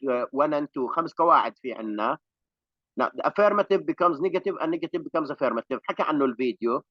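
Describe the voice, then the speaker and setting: A man teaching an English grammar class online, slow on examples and rapid in his explanations. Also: on the high side, no echo, dull audio.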